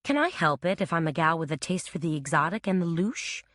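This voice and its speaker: A woman voicing a brash, sleepy young woman from New Orleans who speaks in a quiet drawl with a New Orleans accent, in an audiobook. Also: fairly low pitch, sing-song, brisk, no room sound, clean studio sound. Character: sleepy, brash Southern woman, shop owner.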